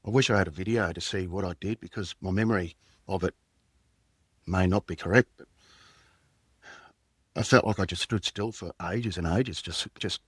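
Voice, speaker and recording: Aussie bloke in his 50s, lowish voice, dry close sound, stops and restarts a lot as he tells it. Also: husky, no echo. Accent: Australian. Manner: halting, reflective, many fillers and restarts. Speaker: podcast guest, former police detective. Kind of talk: personal storytelling in conversation.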